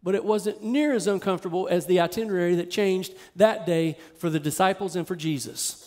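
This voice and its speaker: High-voiced pastor preaching emphatically. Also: male voice, brisk, a little mellow. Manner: conversational, emphatic preaching that swells in intensity. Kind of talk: sermon. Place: church sanctuary with a live congregation.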